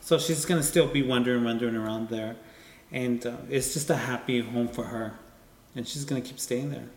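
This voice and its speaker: A man who talks as a spiritual medium, calmly explaining with many fillers in casual chat. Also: mid-range voice, fairly quick. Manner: calm, explaining with many "you know"s. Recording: echoey room with long reverb.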